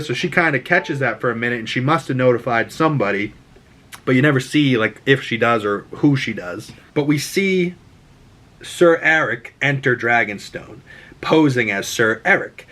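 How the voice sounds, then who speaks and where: Boston-accented host, rambling casual recap, middle-pitched. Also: male voice. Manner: rambling, animated, lots of fillers.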